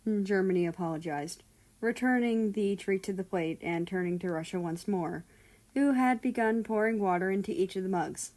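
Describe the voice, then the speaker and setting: A woman reading a fan fiction story aloud in a steady, storytelling way. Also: medium pitch, normal speed. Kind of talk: scripted narration of a fan story.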